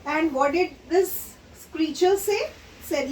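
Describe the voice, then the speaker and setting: A woman with a high-pitched, somewhat dark voice teaches children, speaking slowly and patiently as she explains a story and what its words mean. She sounds distant, in an echoey room with faint background noise.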